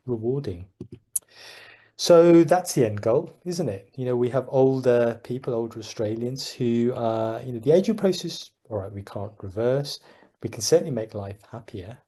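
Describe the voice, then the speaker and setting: A man with a London accent, a general practitioner giving an informal talk to fellow doctors and telling lively stories with frequent laughter. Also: medium pitch. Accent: London English. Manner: animated storyteller, laughs often.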